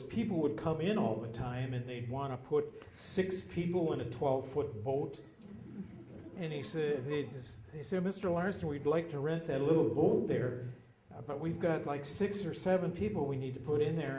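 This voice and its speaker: An older man telling funny stories from his childhood, putting on customers' voices in higher tones. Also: dark tone, slight background noise. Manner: acts out customers' lines in raised voices. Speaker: local storyteller. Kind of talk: casual anecdotal storytelling. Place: small hall at a historical society talk. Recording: roomy hall recording with faint ambience.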